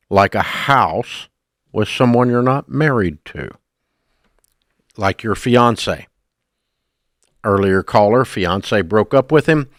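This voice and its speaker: A man's voice: fairly low pitch, a bit bright, no room sound, studio quality. Blunt, emphatic male radio host. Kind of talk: call-in radio advice talk.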